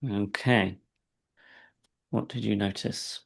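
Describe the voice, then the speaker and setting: A man coaching a client through a guided session, speaking calmly and checking in often with "right?". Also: lowish voice, slow, creaky. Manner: calm and soft-spoken in guidance, animated when telling stories; frequent "right?" check-ins, laughs between points.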